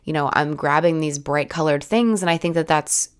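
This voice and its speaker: Low raspy-voiced woman with a head cold. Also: normal speed. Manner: rambling, casual, many "like"s and restarts. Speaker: art channel host. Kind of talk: chatty voiceover over art footage.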